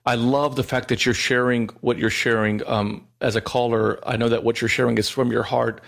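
Male call-in radio host, sympathetic and steady, moderating. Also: mid-range voice, normal speed, vocal fry.

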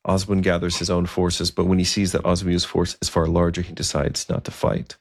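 Deep gravelly man telling a story. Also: a little fast, no room sound. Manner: relaxed, with asides and fillers. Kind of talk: conversational storytelling.

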